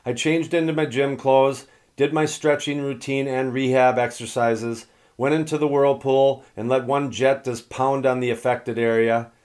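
A middle-aged man, a former hockey player, giving a steady scripted narration of his own career. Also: medium pitch, moderate pace.

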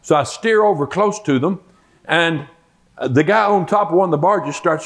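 A man's voice: fairly high pitch, normal speed. An older man, a Bible teacher, telling a folksy personal story in a sermon and acting out the quoted lines.

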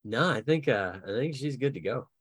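Husky and medium-pitched, this man's voice comes through a dry recording. As podcast co-host and dungeon master, he brainstorms game characters in relaxed, animated chat, laughing frequently and voicing short lines of dialogue.

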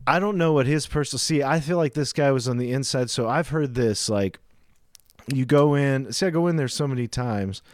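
A man's voice: mid-range voice, a little fast, no room sound, clean studio sound. Man rambling through a shop story. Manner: rambling anecdotes with acted-out quotes. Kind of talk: casual chat, storytelling.

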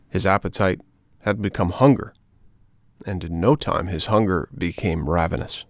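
A man reading a children's book aloud in an expressive, measured storytelling manner. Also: deep voice, dry recording, studio quality.

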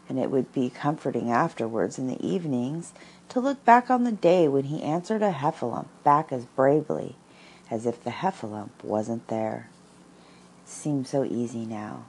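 A woman with a low, slightly husky voice reads a storybook aloud. She takes her time, and her voice rises and falls in a lively, expressive way. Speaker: reader.

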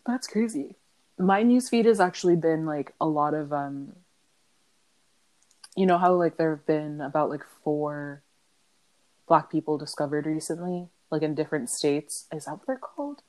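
A woman's voice: sits low, unhurried, a little mellow. A young woman co-hosting a casual podcast, frank, exasperated and profane. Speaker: podcast co-host.

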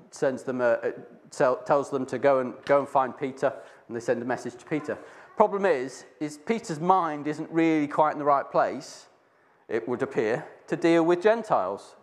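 A man telling a Bible story in casual talk, rambling with many restarts. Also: on the high side. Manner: rambling with many restarts, acting out voices in quotes. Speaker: speaker sharing a Bible reflection.

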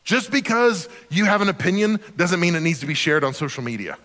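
Guy pastor preaching, kinda high voice, talks casual and earnest, long echo in a church hall. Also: very animated, a little fast, a bit bright. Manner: earnest, conversational, repeats words when starting sentences. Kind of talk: sermon.

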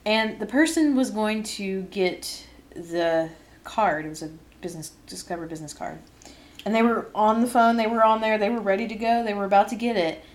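Lively young woman telling podcast stories. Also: medium pitch, normal speed. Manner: lively, laughing storyteller. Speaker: podcast host. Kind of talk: casual podcast storytelling.

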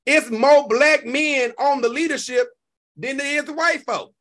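A man, hosting a live stream and reacting to chat in an animated, profane, talk-back way. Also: very high-pitched, a little slow. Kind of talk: casual live stream commentary.

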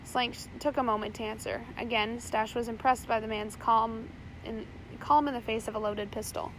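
A woman reads a pirate adventure story aloud at a steady pace, now and then slipping and restarting a word. Her voice sits a little high for a woman. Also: normal speed, a little hiss or hum, low-quality recording. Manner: steady, occasional slips and restarts. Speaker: narrator. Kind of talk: storybook reading.

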